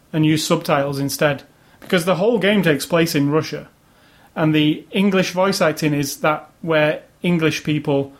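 A man casually chatting about video games as a podcast co-host, opinionated and rambling. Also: on the high side. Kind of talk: casual chat.

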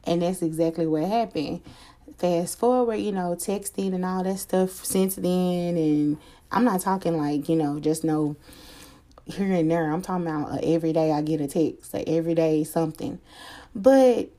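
A woman's voice: on the low side, steady tone, normal speed, dark tone. A woman telling a personal story to her viewers in a casual storytime chat, candid and slangy, swearing freely.

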